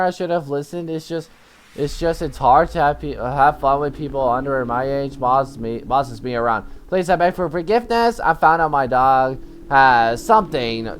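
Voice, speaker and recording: Teenage boy rambling through a chat-log story. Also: medium pitch. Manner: rambling, stumbling restarts, replaces swears with "you know what". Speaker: channel host. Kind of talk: casual storytelling, reading chat messages aloud.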